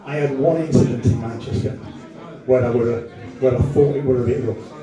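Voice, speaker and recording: A man's voice: medium pitch, steady tone, fairly quick, dark tone, faint music behind. A man doing a crude, rambling, self-mocking stand-up set in a comedy club. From Wolverhampton. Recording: echoey room, far from mic.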